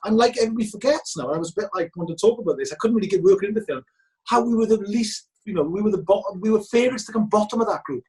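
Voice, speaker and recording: A man, a film director telling stories in a casual interview, animated and chatty, with frequent restarts. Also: sits high, racing. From Wales. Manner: animated, chatty, many restarts and re-enacted quotes.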